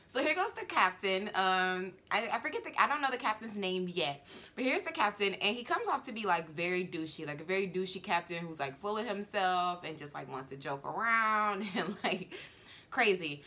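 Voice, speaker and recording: A flight attendant reacts to a TV show in easy, chatty talk full of fillers and laughs. She is a woman with a bright, clear voice. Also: mid-range voice, animated, normal speed. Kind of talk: casual reaction commentary.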